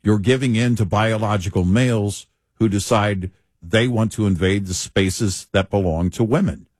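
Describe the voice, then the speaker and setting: Low-voiced, measured male co-host. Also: a little mellow, no room sound. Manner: measured, deliberate, hesitant restarts. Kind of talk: opinionated talk-show banter.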